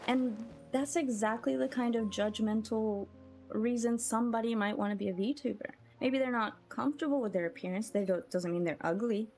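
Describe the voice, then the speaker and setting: A woman's voice: on the high side, moderate pace, darkish tone, faint music behind. A woman streamer chatting casually with her chat while gaming, musing and talking straight to them.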